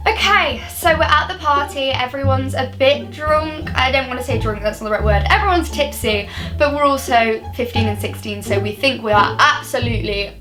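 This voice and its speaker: A young woman vlogger with a high-pitched voice talks at normal speed through a personal story in casual storytime style. She rambles and fills her speech with "like," with background music playing.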